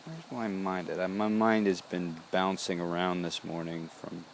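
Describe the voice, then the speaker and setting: A man reflecting aloud in a body-awareness check-in, speaking slowly and introspectively, often pausing to search for words. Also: deep voice, fairly even intonation, a little hiss or hum. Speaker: founder of a wellness business.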